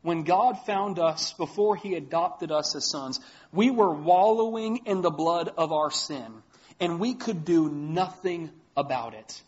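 A pastor with a northern US accent preaching a sermon in an earnest, emphatic way, reading scripture aloud. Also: male voice, on the high side, unhurried, lo-fi sound.

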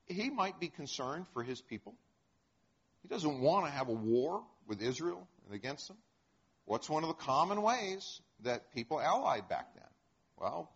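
A man teaching a Bible lesson, retelling the story in a conversational, animated way with chuckles. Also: mid-range voice, breathy edge. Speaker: preacher. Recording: dull lo-fi recording.

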